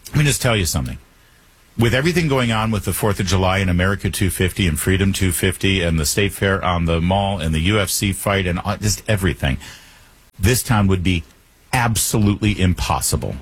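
A man's voice: sits low, brisk, slightly rough, no echo. A male talk radio host delivering a joking monologue in a wry, teasing manner, slipping in puns.

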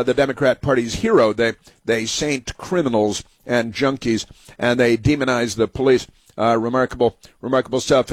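Husky-voiced man hosting talk radio. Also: medium pitch, no echo. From United States. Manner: rambling, heavy fillers and restarts; emphatic, opinionated. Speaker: radio talk show host. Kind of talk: political talk radio monologue. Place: radio studio.

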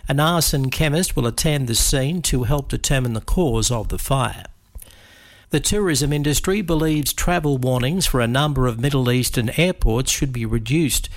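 A man reading a radio news bulletin in a steady, measured way. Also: medium pitch. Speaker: newsreader.

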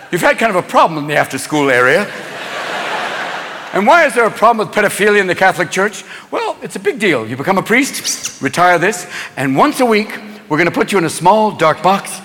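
A man doing a stand-up comedy routine on stage, manic and rapid-fire, jumping in and out of voices. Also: high-pitched, noisy background. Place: large theater on stage. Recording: echoey hall, audience laughter and ambience.

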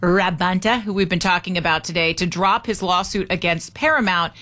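A woman hosting a talk radio show, opinionated and animated, with sarcastic asides. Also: lowish voice, brisk. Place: radio studio.

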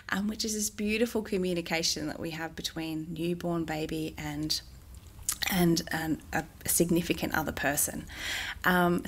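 A middle-aged woman, a music therapist, answering interview questions in a gentle, measured way with frequent "um" pauses. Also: fairly low pitch.

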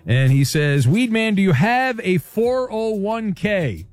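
Brash, high-voiced talk radio host. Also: male voice, sing-song, takes it slowly, soft background music. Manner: brash and joking, reads listener messages.

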